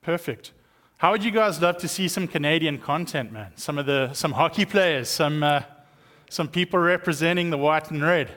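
A guest speaker, a South African man in his thirties or forties, gives a chatty, joking testimony sermon packed with fillers. His voice is on the high side and fairly bright, at a normal speed, echoing with long church hall reverb.

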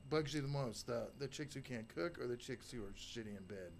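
A man's voice: medium pitch, fairly quick, a little hiss or hum. A man chiming in on a podcast with dry, teasing remarks. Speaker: podcast co-host. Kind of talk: casual banter.

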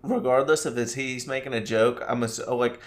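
A man's voice: medium pitch, brisk. A young man on a casual podcast, talking hesitantly, hedging and restarting his sentences. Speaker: podcast co-host.

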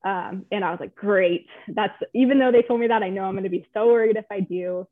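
A woman's voice: medium pitch, a little fast, no room sound. Woman telling a personal story, phone-line sound. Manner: chatty, emotional, lots of fillers. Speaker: guest. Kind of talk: personal story in a casual interview.

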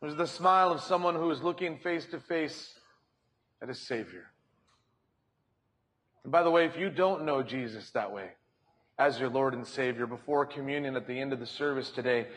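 A man's voice: mid-range voice, fairly quick, fairly bright tone. A male pastor preaching a sermon from a church stage, telling stories and acting out voices. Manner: storytelling, acts out voices in anecdotes.

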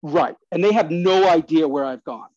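Animated New man telling stories. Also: a little high, normal speed, a crowd in the background. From New York. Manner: animated, restarts, laughs mid-story. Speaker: podcast guest. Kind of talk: casual storytelling. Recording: slightly dull dry recording.

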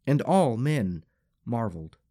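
Man reading scripture with lively intonation. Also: mid-range voice. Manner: measured, expressive reading. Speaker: scripture reader.

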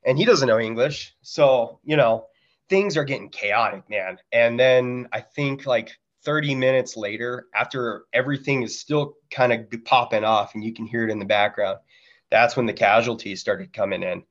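A man's voice: medium pitch, moderate pace, highs cut off. A man, a Marine veteran and podcast guest, telling war stories in a candid, profane, casual way and mimicking gunfire sounds. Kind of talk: casual storytelling.

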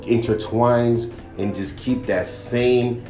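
A man's voice: medium pitch, steady tone, takes it slowly, warm tone. A young man and rapper hosting a podcast, ranting bluntly with constant swearing and mocking his critics. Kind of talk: profane casual rant. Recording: echoey room with faint music.

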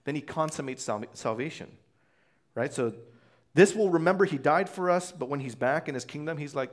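A man's voice: fairly high pitch, lively intonation, normal speed. A man preaching a conversational sermon as pastor, telling the story casually and acting out voices.

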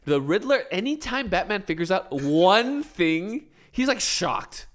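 Lively, playful male co-host. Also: high voice, unhurried. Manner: playful, acts out quoted voices. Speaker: podcast co-host. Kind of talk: casual chat.

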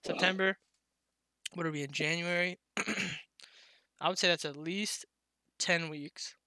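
A man's voice: on the high side, fairly even intonation, slow pace, pushed and bright, no echo. A young man chatting casually on a podcast, laughing often and swearing freely as he rambles.

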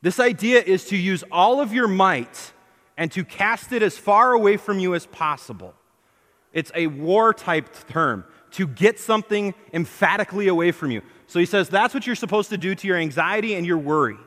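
Bright-voiced male pastor in a reverberant hall. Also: high-pitched, lively intonation, moderate pace. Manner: emphatic, questions the congregation and acts out quotes. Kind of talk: sermon. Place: church hall.

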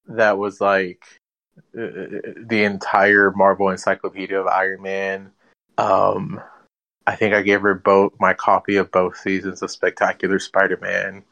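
A man co-hosting a podcast, chatting casually and telling animated stories, swearing now and then. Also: on the low side. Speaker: podcast co-host.

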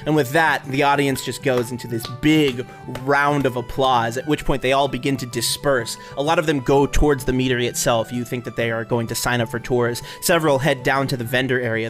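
A man narrating a tabletop game as game master, relaxed and often laughing, with faint music behind him. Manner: relaxed, laughs often, booms out character speeches.

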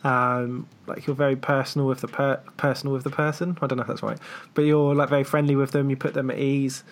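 A woman hosting a conversation, reflecting thoughtfully and hesitantly, with frequent "um" pauses. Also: rumbling low, flat delivery.

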